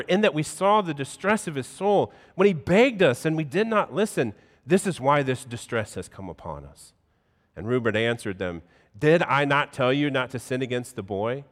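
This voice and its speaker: Man reading scripture in reverberant hall. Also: medium pitch. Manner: measured, solemn reading with deliberate pauses. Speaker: pastor. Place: church sanctuary.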